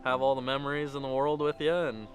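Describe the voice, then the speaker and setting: Faint music sits behind this young groom, who talks quickly in a level, mid-range voice. He rambles through his proposal story and a wedding toast, stringing clauses together with "and" over and over.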